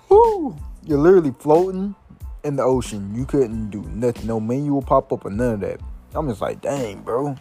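Rambling young man with a lively voice. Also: medium pitch. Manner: rambling and loose, heavy on slang and "like, bro" fillers. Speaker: podcast host. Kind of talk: casual solo podcast chat.

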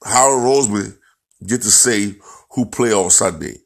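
A man goes off on a sports rant in a lowish voice. He is blunt and profane and keeps repeating his points as he hammers them home. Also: moderate pace. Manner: blunt, profane, repetitive, ranting. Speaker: football commentator.

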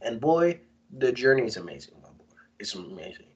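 On dull lo-fi podcast audio, a young male co-host chats casually in a medium-pitched voice, very animated and fairly quick. He talks in slang, repeats himself, and slips into quoted voices.

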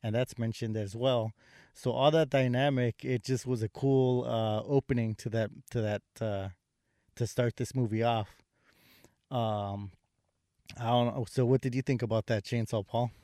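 A man's voice: mid-range voice, steady tone, moderate pace, dark tone, no room sound, studio quality. Rambling man chatting about a film. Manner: rambling, many fillers and restarts. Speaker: podcast co-host reviewing a horror film. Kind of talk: casual film review chat.

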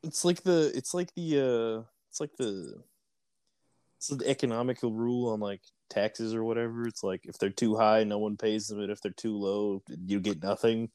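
Low-voiced man with dry wit. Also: moderate pace, a little mellow, smooth, no echo. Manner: wry, loose, hesitant with fillers. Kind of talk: casual chat.

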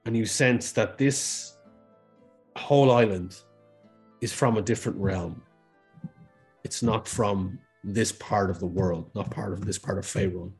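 A man's voice: low voice, unhurried, long pauses, darkish tone, slightly rough, soft background music. A man narrating as game master in a casual way, with restarts and the odd swear word.

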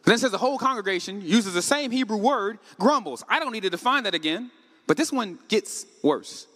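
A man preaching a sermon, asking the congregation questions and rising to shouts. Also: sits high, animated, fairly quick. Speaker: pastor. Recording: echoey hall with long reverb.

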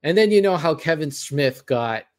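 A man's voice: on the high side, animated, moderate pace. A man hosting a podcast, chatting casually and giving his blunt, rambling opinions. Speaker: podcast host. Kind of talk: casual chat.

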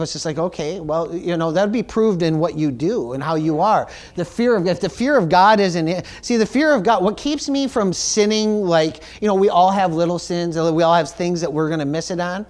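A male pastor preaches a sermon in an earnest, emphatic way, repeating words and asking the congregation "Amen?" to draw responses. His voice is a little high and a little mellow.

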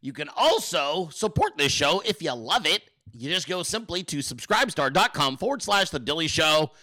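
A man's voice: fairly high pitch, big pitch swings, normal speed, bright, forceful tone. A man hosting his own podcast, talking in a brash, mocking way and swearing freely. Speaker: podcast host. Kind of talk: casual political commentary.

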